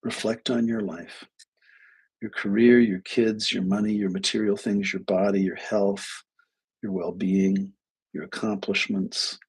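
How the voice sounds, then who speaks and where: Low, rough-voiced man telling a story. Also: little pitch movement, a little slow, poor audio. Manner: rambling, with restarts and quoted dialogue. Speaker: psychologist hosting a live stream. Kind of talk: casual storytelling monologue. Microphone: webcam or desk mic on a live stream.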